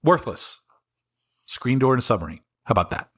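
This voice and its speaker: On his own podcast, a Southern-accented man vents about politics, angry, exasperated, and cursing as he goes solo. His mid-range voice is expressive and a bit bright with a breathy edge, at a moderate pace.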